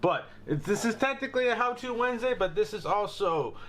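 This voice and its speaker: A man's voice: sits high, lively intonation, brisk, fairly bright tone. A young man with a Boston accent hosting a casual gun-maintenance how-to, chatty and jokey, calling his viewers guys and bro. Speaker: gun channel host.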